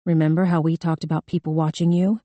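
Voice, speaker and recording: A steady female defense lawyer, read by a woman narrator, calm and insistent. Her voice is low and mellow, recorded close and dry. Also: fast, no room sound. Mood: firm.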